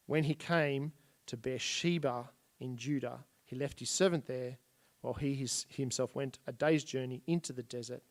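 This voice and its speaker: A man's voice: mid-range voice, steady tone, moderate pace. Chatty man teaching Bible history. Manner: chatty, retells stories in plain everyday speech, pointing at slides. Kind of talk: casual illustrated Bible history lesson.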